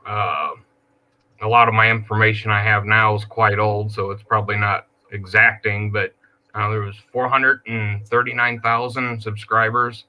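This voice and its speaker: A man's voice: on the low side, flat delivery, normal speed. Laid-back man on a live panel, lo-fi. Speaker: guest panelist, former channel owner. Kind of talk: casual live-stream chat.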